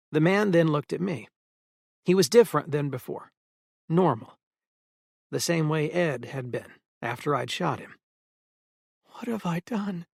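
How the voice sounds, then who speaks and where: A man narrating a first-person audiobook in a steady storytelling manner. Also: on the high side, gravelly, no room sound, clean studio sound.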